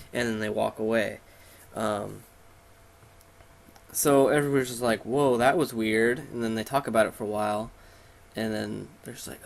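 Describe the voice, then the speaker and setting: A man talks over a video game playthrough in a loose, irreverent way, cracking jokes and making up goofy lines for the characters. His voice sits at an ordinary middle pitch. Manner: irreverent, joking, makes up silly dialogue for characters. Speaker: let's play host. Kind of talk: casual let's play commentary.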